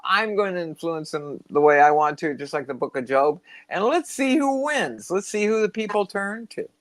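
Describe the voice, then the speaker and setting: A man's voice: high-pitched, lively intonation, moderate pace. An older man, co-host of a spiritual talk show, telling rambling stories in casual chat and now and then losing his train of thought. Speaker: podcast co-host.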